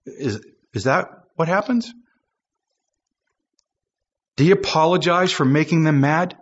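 A male preacher with a slightly high, husky voice delivers a sermon. He reads scripture and acts out the people in it, climbing to impassioned peaks. The recording is dull and lo-fi. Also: unhurried, long pauses. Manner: rising to impassioned high-pitched emphasis, acting out quoted voices.

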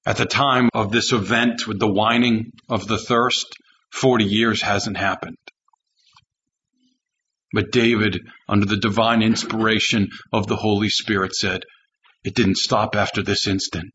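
A man's voice: on the low side, fairly even intonation, measured pace, sharp tone, muffled recording, slight background noise. A male pastor preaching a sermon with an emphatic, repetitive cadence.

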